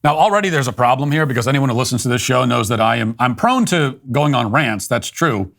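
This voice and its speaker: A man from the United States hosting a commentary show, speaking in a sardonic, mocking, deadpan way as he reads out a news article and responds to it. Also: mid-range voice, a little fast, vocal fry. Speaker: political commentator host. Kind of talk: scripted monologue with reading aloud.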